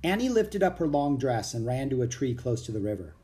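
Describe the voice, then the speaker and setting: Animated, mellow children's book reader. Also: medium pitch, brisk. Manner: expressive, animated reading. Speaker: audiobook reader. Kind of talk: children's storybook narration.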